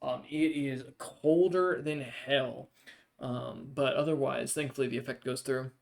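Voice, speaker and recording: A man's voice: mid-range voice, steady tone, measured pace, gravelly. A man narrating as game master of a tabletop game, hesitant and full of ums and uhs.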